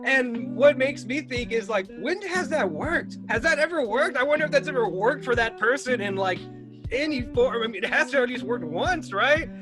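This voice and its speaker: A man's voice: extremely high pitch, expressive, moderate pace, over music. A man hosting a casual podcast chat, crude and joking, laughing often. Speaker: podcast host.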